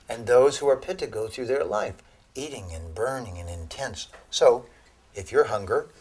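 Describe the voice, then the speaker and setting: Husky man teaching with animated humor. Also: fairly low pitch. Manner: animated storytelling, laughing at his own jokes. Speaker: Ayurveda teacher. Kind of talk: lecture to an audience.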